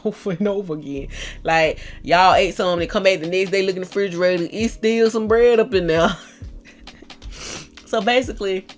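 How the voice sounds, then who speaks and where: Slangy woman retelling a story casually. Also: mid-range voice. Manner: slangy, animated, joking. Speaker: storyteller host.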